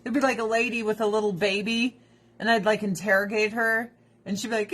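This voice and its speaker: A woman's voice: fairly high pitch, steady tone, brisk, fairly bright tone. A woman selling skincare products who chats casually while trying them on, rambling, laughing and swearing freely with strong opinions. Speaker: direct seller of skincare products.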